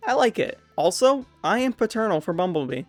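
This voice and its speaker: A man's voice: high voice, sing-song, fairly quick, loud music behind the voice. A young man giving casual, blunt movie review commentary with a sarcastic edge.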